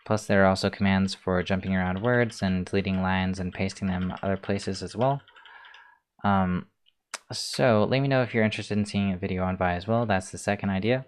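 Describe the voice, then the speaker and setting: A man hosting a casual screencast coding tutorial, talking through his steps in a relaxed way with many ums, keyboard clicks heard. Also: sits low, brisk, a little hiss or hum. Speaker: tutorial host.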